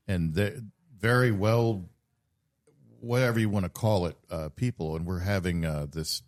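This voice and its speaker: A middle-aged man hosting a podcast, telling wry, rambling stories in casual chat with plenty of fillers. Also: deep voice. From South Florida. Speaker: podcast host.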